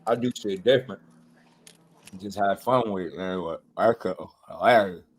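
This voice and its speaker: A man's voice: low-pitched, normal speed, husky. A man hosting a boxing channel in casual chat, talking in laid-back slang and laughing often.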